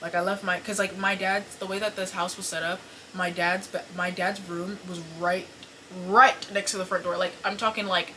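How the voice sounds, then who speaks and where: Bright-voiced young woman telling a story. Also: lowish voice, normal speed, a little hiss or hum, low-quality recording. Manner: animated, profane, apologetic, lots of fillers. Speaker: podcast host. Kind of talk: casual storytelling to camera. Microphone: camera set up in front of her.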